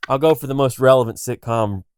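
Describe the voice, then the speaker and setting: A man's voice: medium pitch, fast talker, a little mellow, slight background noise. A man co-hosting a podcast, telling a story in casual, emphatic, joking chat. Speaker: podcast co-host.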